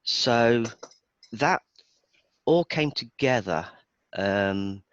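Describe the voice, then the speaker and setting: A man talking as an interview guest in a casual chat, explaining things thoughtfully with brief pauses. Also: medium pitch, animated, no echo. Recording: dull lo-fi sound.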